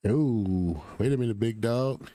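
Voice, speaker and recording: A man's voice: medium pitch, a little slow, noisy background. A man hosting a casual reaction commentary, talking loosely in slang. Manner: loose, slangy, talks back to the clips. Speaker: commentary channel host.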